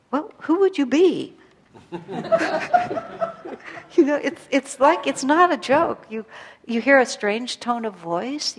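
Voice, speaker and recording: A woman's voice: on the high side, long reverb tail. A woman giving an evening spiritual talk to a gathered group, telling stories about herself in a reflective way and laughing lightly at her own mistakes. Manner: reflective, storytelling, self-deprecating with light laughs. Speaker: spiritual teacher.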